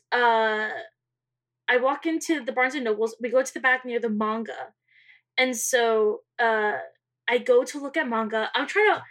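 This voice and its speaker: A woman's voice: sits high, a bit bright. A young woman co-hosting a podcast, animatedly telling a dating story, acting out the quotes, swearing and laughing often. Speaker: podcast co-host. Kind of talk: casual storytelling chat.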